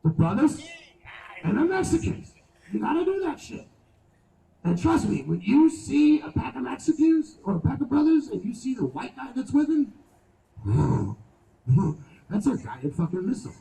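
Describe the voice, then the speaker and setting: A man's voice: very high voice, normal speed, vocal fry, echoey room, far from the mic, a little hiss or hum, poor audio. A man performing a live stand-up set outdoors, crude and profane, telling stories with lots of swearing. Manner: crude, profane, animated storytelling. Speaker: stand-up comedian. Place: outdoor show venue.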